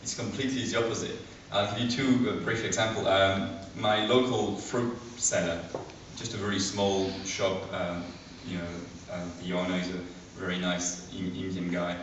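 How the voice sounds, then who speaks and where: Man, lowish voice, halting and filler-heavy. Recorded from far off in an echoey hall. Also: little pitch movement, fairly bright tone, dull audio, slight background noise. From France. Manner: hesitant, full of fillers and restarts. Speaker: audience speaker at a book launch. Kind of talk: anecdotal public talk. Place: large echoey room at a public event. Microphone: distant room mic.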